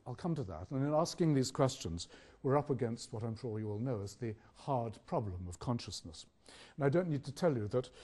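An older British man delivers a public academic lecture in a measured, questioning way, using rhetorical pauses. His voice sits at medium pitch, dark in tone with a breathy edge.

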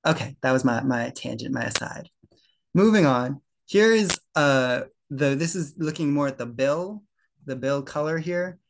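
A man's voice: medium pitch, lively intonation, a little slow, creaky, slight background noise. A young man giving a casual slide presentation to a birding club, talking loosely with fillers and self-corrections.

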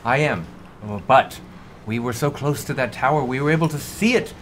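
A man voicing an excitable older ship captain who stammers eagerly and pushes his crew along. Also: medium pitch, normal speed, slight background noise, pitched above the performer's own voice, natural voice.

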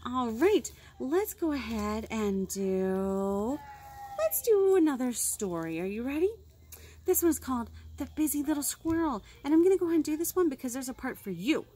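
A children's librarian reads a storytime picture book with a higher, very lively voice that swoops up and down. Her tone stays mellow and warm, and she keeps asking the little listeners questions between pages. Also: moderate pace, a little hiss or hum. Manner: animated, gasps often, asks the listener questions. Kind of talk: storytime reading picture books to young children.

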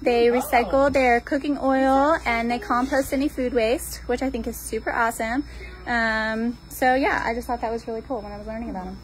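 A woman's voice: on the high side, fairly even intonation, brisk, a little hiss or hum, poor audio. A woman hosting a casual office lunch vlog, chatty and upbeat, questioning coworkers about the food. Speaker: office staff host of a lunch segment. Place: office break room, indoors.

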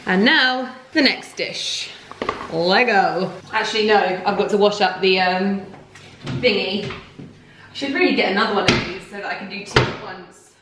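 A woman vlogging casually in her home kitchen, talking fast and bubbly with frequent ums and little laughs. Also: medium pitch, echoey room, noisy background. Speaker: lifestyle vlogger. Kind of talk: casual chatty vlog narration.

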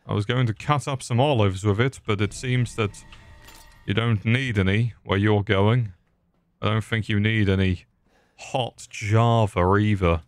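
A man's voice: on the low side, fairly even intonation, measured pace, dry recording. A young man doing comedic let's play commentary, sarcastic and swearing, cracking jokes at the game's characters. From England. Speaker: gaming youtuber.

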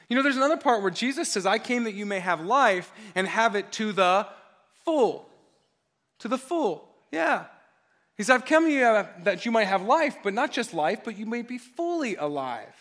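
Male pastor, sermon. High voice with a sharp, forceful edge. Energetic and emphatic, drives call-and-response with the congregation. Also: fairly quick. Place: church service.

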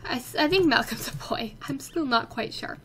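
A young woman hosting a casual let's play, chatty and excitable, talking to the characters on screen. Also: high-pitched, moderate pace, a little hiss or hum. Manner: chatty, excitable, talks to her game characters. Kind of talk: casual game commentary.

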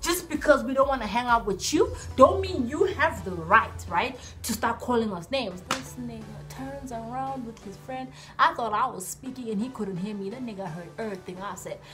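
A young woman tells a personal story to her viewers in a chatty, animated way. She slips into different voices to act out the dialogue, while soft music plays faintly behind her. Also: on the high side, normal speed, few pauses. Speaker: vlogger. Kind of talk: storytime vlog.

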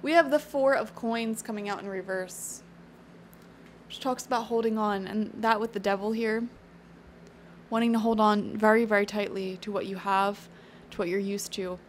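A woman's voice: medium pitch, steady tone, normal speed, slight background noise. A woman giving a casual, encouraging tarot reading, chatty and thinking aloud with fillers. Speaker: tarot reader.

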